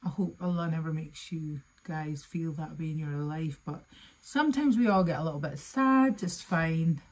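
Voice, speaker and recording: A woman's voice: low-pitched, normal speed, a little hiss or hum. A young woman reacting to a music video, talking casually and emotionally straight to her viewers.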